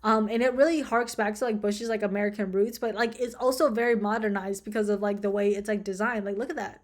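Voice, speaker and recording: A woman's voice: mid-range voice, steady tone, quick pace. A young woman chatting casually as she reacts to designs, full of fillers and easy swearing. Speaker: vlogger. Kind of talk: casual commentary video.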